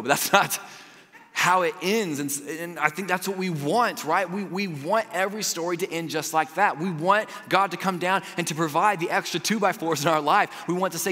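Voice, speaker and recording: A male pastor preaching a sermon, telling stories in an animated way and using a lot of casual "like" fillers. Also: on the high side, normal speed. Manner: animated storytelling with frequent "like" fillers. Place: church sanctuary. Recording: long hall reverb.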